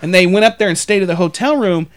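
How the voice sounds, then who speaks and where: A young man co-hosting a podcast, swearing freely, laughing and breaking into loud shouted impressions. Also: sits high, fast, no room sound. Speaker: podcast co-host. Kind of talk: crude casual banter.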